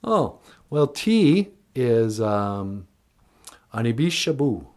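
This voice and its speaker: A man's voice: mid-range voice, sing-song, takes it slowly, a little mellow. A man voicing a chatty puppet with a thick accent. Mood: friendly. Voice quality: thick put-on accent with DJ patter. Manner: upbeat radio-host delivery. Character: chatty little male puppet language teacher.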